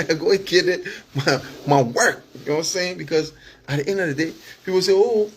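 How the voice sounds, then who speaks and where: A man's voice: fairly high pitch, brisk, slight background noise. A man with a Liberian English accent, talking casually and with feeling to his followers, often checking in with "you understand?" and chuckling. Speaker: political vlogger and former candidate.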